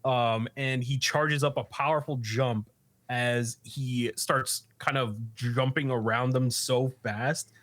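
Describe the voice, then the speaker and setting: Podcast host, man, unhurried, casual and profane, mid pitch. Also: steady tone, a bit bright. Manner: loose, profane, laughs often. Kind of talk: casual episode recap.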